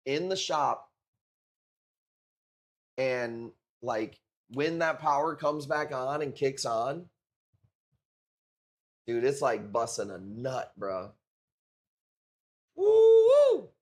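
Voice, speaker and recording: Forty-something man, live-stream coral seller, loose and profane, mid-pitched, lots of dude and bro. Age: 40s. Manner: laid-back, profane, peppered with dude and bro. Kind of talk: casual live-stream chat.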